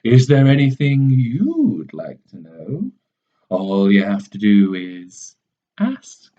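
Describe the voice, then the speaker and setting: A man voicing a smug, all-knowing storybook lady who answers everything in a high sing-song. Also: wildly swooping pitch, slow pace. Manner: high sing-song, repeats "I know" smugly. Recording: dull lo-fi recording.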